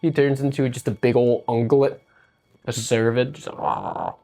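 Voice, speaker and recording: Excitable player rambling on and on, swears a lot, faint music under it. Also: mid-range voice, normal speed. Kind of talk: casual tabletop game chat.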